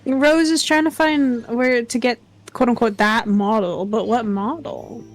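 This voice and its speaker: A woman's voice: fairly high pitch, fairly even intonation, unhurried, faint music behind. A woman on a headset mic chatting casually while gaming, teasing, laughing and swearing. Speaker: co-player. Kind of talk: casual chat over gameplay.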